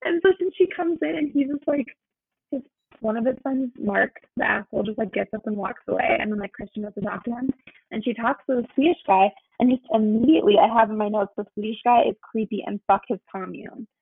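A woman's voice: fairly high pitch, quick pace, creaky, breathy edge, no echo. A woman in casual film talk, animatedly retelling scenes and acting out the lines. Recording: tinny phone-like line.

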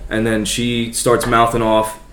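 A man's voice: mid-range voice, completely flat delivery, measured pace, a bit bright, a little hiss or hum. A young man telling a rambling story in casual chat, swearing heavily and laughing often. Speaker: podcast co-host telling a story. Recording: roomy echo.

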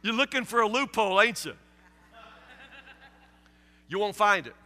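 A man's voice: sits high, expressive, normal speed, long pauses, pushed and bright, in a large hall, faint music behind. A male pastor preaching a sermon with emphatic repetition, acting out his listeners' objections. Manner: emphatic, repeats key phrases, acts out listeners' objections.

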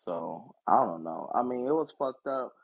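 A man's voice: mid-range voice, animated, moderate pace. A man co-hosting a casual podcast, talking loosely and bluntly and swearing freely. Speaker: podcast co-host. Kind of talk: casual chat. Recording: husky voice, dull lo-fi audio.

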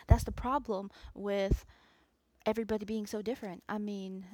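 A woman's voice: mid-range voice, no room sound. A woman hosting her own podcast, talking unscripted and rambling with asides and restarts. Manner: rambling, self-aware, chatty with frequent asides. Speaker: podcast host. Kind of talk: unscripted solo podcast chat.

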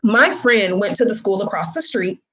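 A woman who works as a senior high school teacher, talking casually and acting out the people she quotes in raised voices. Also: animated, moderate pace, fairly bright tone, poor audio. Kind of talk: casual storytelling talk.

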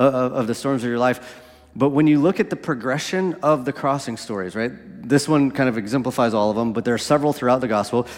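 Male preacher, easygoing sermon delivery, mid-range voice, hall echo. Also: mid-range voice. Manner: conversational, asks "right?" often.

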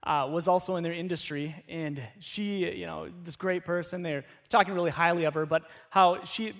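Male pastor, high voice, relaxed conversational sermon delivery with lots of false starts. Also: moderate pace, vocal fry. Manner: conversational storytelling with many restarts.

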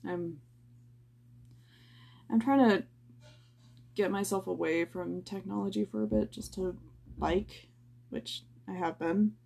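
A tired young woman hosting a personal podcast, venting in a slow, halting way with sighs and stammers, her voice low and close to tears. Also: dark tone. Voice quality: low, gravelly voice. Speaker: podcast host.

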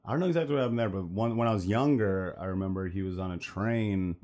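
A man's voice: fairly low pitch, fast, over a noisy crowd. A man from New York with a slight twang and a mumbly delivery, talking casually and profanely as a comic guest on a podcast. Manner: loose and profane, laughs often. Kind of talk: casual chat.

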